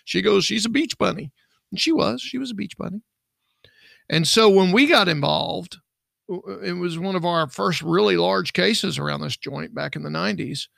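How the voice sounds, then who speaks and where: Middle-aged man, ex-investigator type, very gravelly voice, dry close sound, rambling storyteller. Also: sits high, normal speed, a bit bright, dry recording. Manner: rambling, acts out quoted dialogue. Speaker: podcast co-host, former investigator. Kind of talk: casual true-crime storytelling.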